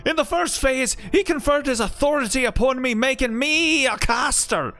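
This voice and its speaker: Man doing a brash fantasy god, caricatured Irish accent, high pitch, exaggerated lilt. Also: normal speed, bright, forceful tone, faint music behind, full character voice. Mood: hammy. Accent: caricatured fantasy Irish (put on). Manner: exaggerated, strained lilting delivery. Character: brash fantasy god in a young caster's body.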